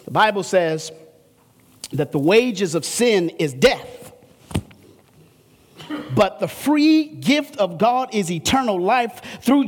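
A man preaching a sermon, building to impassioned, rising refrains and dropping low and quiet for explanation. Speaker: pastor.

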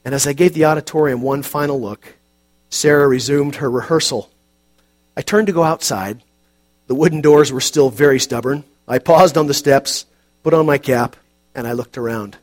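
A man calmly narrating an audiobook in a measured, quiet, reflective way. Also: medium pitch.

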